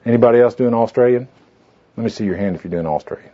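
A man's voice: medium pitch, fast talker. A man leading a small group through a goal-setting handout, talking in a folksy, rambling way with fillers and asides. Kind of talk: informal classroom talk with anecdotes. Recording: dull lo-fi tape recording.

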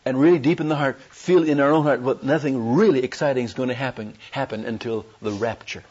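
Husky-voiced preacher telling stories. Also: male voice, medium pitch, fairly quick. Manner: animated storytelling with folksy humor. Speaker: traveling evangelist. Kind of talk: sermon. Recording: dull lo-fi recording.

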